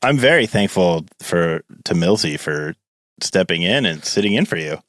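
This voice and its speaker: A man's voice: sits low, expressive, normal speed, a bit bright, no room sound. A man with a Newfoundland accent co-hosting a podcast, teasing his co-host with dry questions and frequent laughs. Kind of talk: casual chat.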